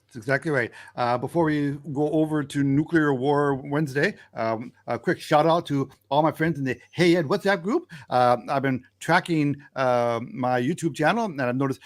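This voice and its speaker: A man co-hosting a casual livestream, talking haltingly with many fillers. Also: on the high side. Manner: halting, full of uh and um. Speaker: co-host.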